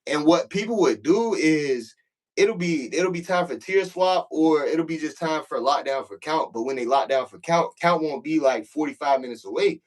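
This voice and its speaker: A man's voice: fairly high pitch, expressive, moderate pace. A man telling a prison story in casual, profane talk, acting out the voices in the quotes.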